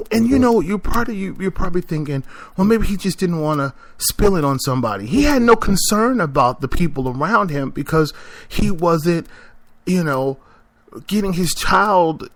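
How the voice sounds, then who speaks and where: A man's voice: sits high, no echo. A man hosting a podcast, telling a story in a casual monologue, emphatic and repeating himself as he makes his point. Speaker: podcast host.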